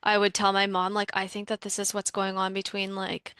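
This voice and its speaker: A woman's voice: mid-range voice, monotone, brisk, a bit bright, smooth, no echo. A young woman from Canada telling a personal story in a casual, chatty way, full of "like" fillers, as a workshop participant.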